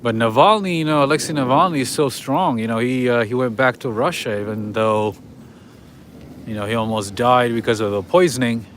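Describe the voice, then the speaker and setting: A man's voice: mid-range voice, a little fast, a little hiss or hum. A man hosting a walking livestream outdoors on a city street at night, chatting straight to his viewers and chuckling often. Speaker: livestream host. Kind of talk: casual walking livestream chat.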